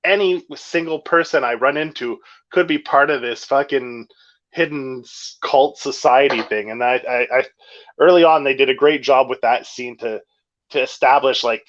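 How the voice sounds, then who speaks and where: Dude chatting about comics, swears a lot, kinda muffled audio. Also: male voice, medium pitch. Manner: animated, swears freely. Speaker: podcast co-host. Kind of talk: casual chat reviewing comics.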